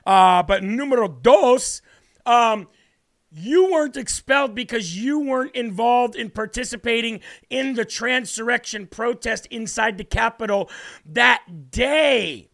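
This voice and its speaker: A man's voice: sits high, measured pace, vocal fry, a bit bright. A man hosting political commentary, sarcastic and scornful, often laughing at the clips he plays. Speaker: host.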